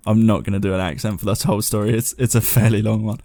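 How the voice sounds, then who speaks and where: A man's voice: fairly low pitch, level tone, fast talker, warm tone, no echo. A man hosting a paranormal podcast, chatting casually and reading listener stories aloud in a rambling, self-mocking way.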